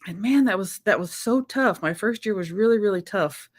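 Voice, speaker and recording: A woman's voice: medium pitch, expressive, moderate pace. A woman hosting a live-streamed chat show, talking in an effusive, heartfelt way that is emotional and close to tears. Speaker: host.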